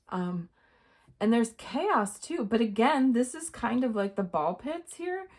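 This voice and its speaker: A woman's voice: mid-range voice, animated, a little slow, darkish tone. A young woman giving a casual tarot reading to her viewers, chatty and rambling, full of fillers and little laughs. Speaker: tarot reader.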